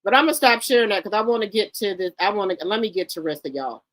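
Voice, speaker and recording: A woman hosting casual celebrity gossip commentary, talking straight to her viewers with loud, incredulous exclamations and blunt swearing. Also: medium pitch, expressive, fast, no echo. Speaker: gossip channel host.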